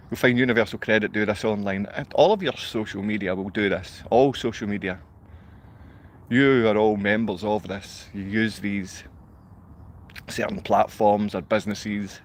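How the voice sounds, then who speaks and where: A man's voice: on the low side, slight background noise. A Scottish man ranting in a rambling monologue to a live online audience. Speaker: livestreamer.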